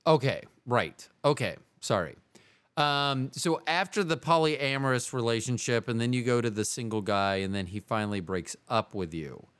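A man's voice: medium pitch, animated, moderate pace, a bit bright, clear, resonant tone, no echo. A man hosting a podcast, asking long, rambling, self-correcting questions with goofy jokes. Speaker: podcast host. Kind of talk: casual interview.

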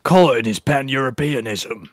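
A sneering, self-important commentator, as a man imitates him, talking slowly as if every line is a put-down. The delivery is drawn out and mocking. It sounds dry and close to the mic. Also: mid-range voice, no room sound, lightly acted. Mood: snide.

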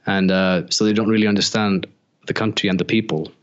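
A man from Iceland, a guest in a casual interview, answering in a relaxed, easygoing way. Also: fairly low pitch, a little fast, lo-fi sound. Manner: relaxed, easygoing, with short agreeing replies.

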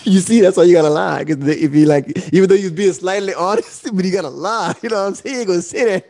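A man's voice: high voice, fast, warm tone. A young adult man co-hosting a casual podcast, telling loose stories with laughs and acting out the people he quotes. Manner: loose, laughing storyteller, acts out quoted voices. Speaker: podcast co-host.

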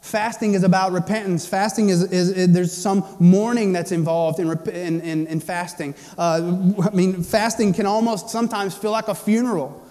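High-voiced male preacher in reverberant hall. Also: steady tone, moderate pace, hardly any pauses. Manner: impassioned preaching, swinging between loud and hushed. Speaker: pastor. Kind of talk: sermon.

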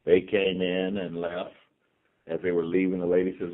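A man in his sixties from California, a team chaplain calmly telling stories from his life as a podcast guest. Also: low voice, moderate pace. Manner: calm, reflective storyteller. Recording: tinny phone-like remote line.

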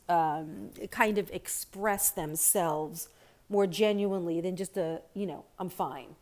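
A woman's voice: mid-range voice, darkish tone. A woman talking candidly and reflectively about personal experience, with many fillers and restarts.

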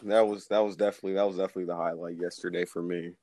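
A man's voice: low-pitched, flat delivery, racing, mellow, a little hiss or hum. A man co-hosting a casual chat, easygoing and agreeable, thinking aloud as he talks. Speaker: podcast co-host.

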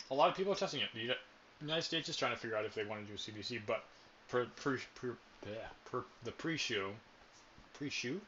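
Rambly podcast co-host, man, lowish voice, muffled recording with light noise. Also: sharp tone. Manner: rambling, jokey, trips over words. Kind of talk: casual podcast chat.

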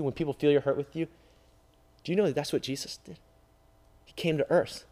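A man preaching an emotional sermon as a youth pastor, swinging between loud cries and hushed, near-whispered lines. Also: fairly high pitch, fairly quick, pauses often. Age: adult father.

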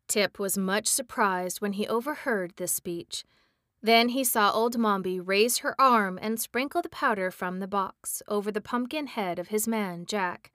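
A woman reading a storybook aloud, measured and expressive. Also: medium pitch, no room sound, clean studio sound. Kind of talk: storybook read-aloud narration.

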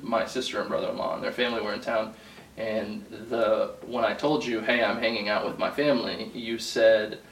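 A man's voice: on the low side, steady tone, moderate pace. A man co-hosting a podcast in casual chat, teasing his partner with dry humor. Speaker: podcast co-host. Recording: roomy sound from a distant mic, faint noise.

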